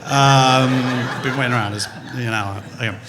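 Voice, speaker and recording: A man works a comedy club stage, spinning a long story in an animated, foul-mouthed way. His voice sits in an ordinary middle range, but he keeps jumping between loud outbursts and quiet muttering. He acts out the other people in the story with quick snatches of voices. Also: medium pitch, noisy background. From England. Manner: swears freely, jumps from loud to muttered. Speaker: stand-up comedian. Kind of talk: stand-up comedy set.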